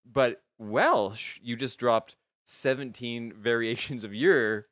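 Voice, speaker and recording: A man's voice: medium pitch, slow, fairly bright tone, no room sound. A man hosting a casual chat, earnest and rambling, laughing easily. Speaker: podcast host.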